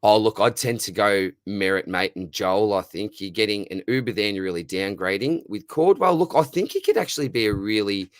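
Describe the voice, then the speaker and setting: Answering viewers' fantasy football questions on a livestream, this Aussie host keeps things matey, reading the questions aloud and calling everyone "mate" nonstop. He speaks a little fast in a fairly low voice, with few pauses. The sound is clean studio quality with no echo.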